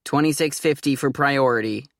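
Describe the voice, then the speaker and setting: A woman's voice: a bass voice, normal speed, dry recording, clean studio sound. A woman voicing a blunt, impatient female postal clerk in an audiobook, curt and dismissive.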